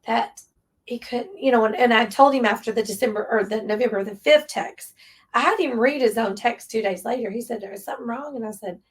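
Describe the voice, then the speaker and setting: A woman runs a relief shelter and, speaking briskly at a fairly high pitch with an East Tennessee accent, tearfully relives a hard moment. The conversation is earnest and emotional, and her phrasing is distinctly Southern.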